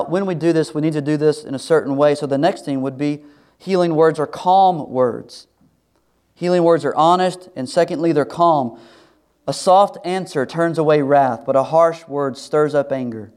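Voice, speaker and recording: A middle-aged man preaching a sermon to his congregation in a conversational way, sometimes dropping to a soft, confiding tone. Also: fairly high pitch, smooth. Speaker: pastor.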